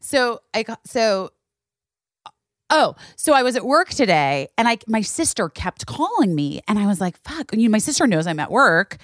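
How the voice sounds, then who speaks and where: Animated woman telling a funny story. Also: moderate pace, dry recording, clean studio sound. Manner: animated storyteller, doing high childlike voices for her nephew; laughs often, swears freely. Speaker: podcast host. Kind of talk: casual chat.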